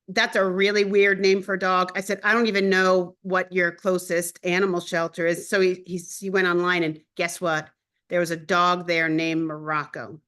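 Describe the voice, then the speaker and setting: Woman host telling animated stories. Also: medium pitch. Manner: animated storytelling, laughs often. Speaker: host and astrologer. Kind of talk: casual conversational interview.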